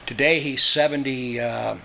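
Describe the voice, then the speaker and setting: A man's voice: mid-range voice, fairly even intonation, unhurried, vocal fry, sharp tone, slight background noise. A middle-aged man, a railroad worker, reminiscing in a plainspoken, easygoing way with trailing fillers. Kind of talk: conversational reminiscing.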